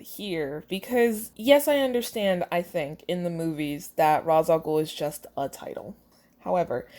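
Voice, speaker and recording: Low-voiced woman chatting about her writing. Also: a little mellow. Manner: chatty, self-critical, with frequent fillers and laughs. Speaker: podcast host. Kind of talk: casual commentary rereading her own fanfiction.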